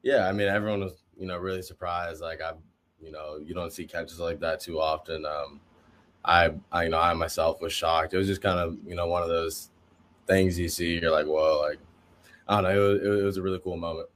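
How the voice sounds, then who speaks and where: Young man, athlete guest, very deep voice, flat delivery, modest and hesitant. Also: a little fast. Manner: low-key, humble, hesitant with fillers. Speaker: guest college football player. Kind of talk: casual interview answers.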